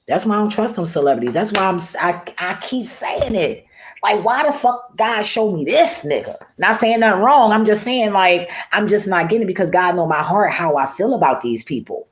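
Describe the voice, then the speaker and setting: Blunt, profane woman ranting on camera. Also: sits low. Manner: profane, blunt, keeps laughing at own remarks. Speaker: vlogger. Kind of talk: casual rambling rant to camera.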